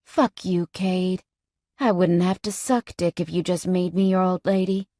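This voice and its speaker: A woman voicing a brash, jealous young biker woman with a sharp, sneering manner. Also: fairly low pitch, fairly even intonation, measured pace, no room sound, clean studio sound.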